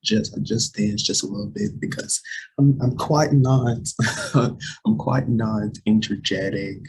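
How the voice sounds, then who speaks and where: A young man hosting a casual talk show, chatty and repetitive, speaking to viewers as "you guys", with a voice that cracks and drops deep. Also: big pitch swings, a little slow, gravelly, darkish tone, slight background noise, low-quality recording. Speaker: host.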